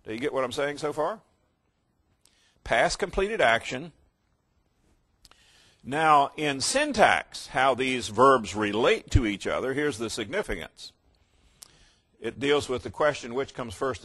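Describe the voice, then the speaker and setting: A man's voice: mid-range voice, lively intonation, unhurried, long pauses, fairly bright tone, breathy edge. An older man preaching a teaching sermon, patiently explaining verb tenses and checking that listeners follow. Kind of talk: sermon teaching on Greek grammar.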